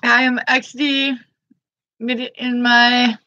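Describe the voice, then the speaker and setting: A woman, chatting gently on a live stream and greeting her viewers by name. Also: on the high side, little pitch movement, takes it slowly, no echo, dull audio. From Denmark. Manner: greets viewers by name between thoughts, gentle, frequent soft laughs. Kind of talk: casual live-stream chat.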